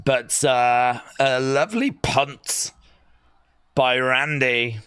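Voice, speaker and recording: A man's voice: mid-range voice, steady tone, drawn-out words, fairly bright tone, smooth, no room sound. A middle-aged man hosting a live wrestling watch-along who rants sarcastically and with exasperation while he reacts. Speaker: live stream host.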